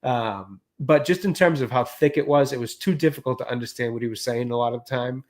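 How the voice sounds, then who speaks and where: A man's voice: medium pitch, a little fast, a little mellow. A man co-hosting a film podcast, giving his view in a hesitant, hedging way. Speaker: podcast co-host. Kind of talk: casual film review chat.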